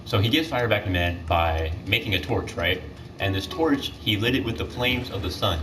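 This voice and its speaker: A teenage boy rambles through a story mid-game, piling up fillers and correcting himself as he goes. His voice sits somewhat low. The mic is set back from him, and steady noise runs underneath. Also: moderate pace. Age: teens. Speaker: gamer retelling myths. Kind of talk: casual gaming commentary. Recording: distant mic with clear background noise.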